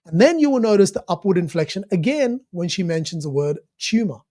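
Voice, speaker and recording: High-pitched guy rambling through a clip breakdown, lots of uh and you know, swears a bit. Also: a little fast. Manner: animated, filler-heavy, restarts, swears casually. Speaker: commentator analysing a played interview clip. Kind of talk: casual spoken analysis.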